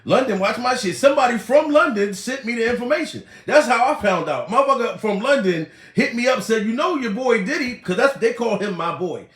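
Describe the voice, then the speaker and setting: A man's voice: very high-pitched, lively intonation, a little fast, few pauses, a bit bright. A man hosting a comedy livestream, ranting profanely, laughing often and putting on mock crying. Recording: echoey room.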